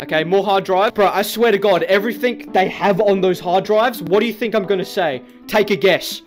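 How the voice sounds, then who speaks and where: A man's voice: sits high, fairly quick, hardly any pauses, faint music behind. A young man, giving crude, rambling, jokey commentary while playing a horror game. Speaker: gaming YouTuber.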